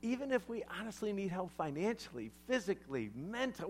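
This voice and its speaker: A male pastor preaching a sermon, retelling a scripture story with animated asides to the congregation. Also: high-pitched, brisk.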